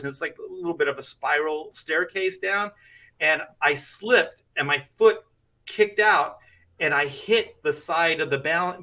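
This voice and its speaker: A man's voice: a little high, bright, forceful tone. A middle-aged man, a comic artist, telling a rambling anecdote in casual chat and laughing through it.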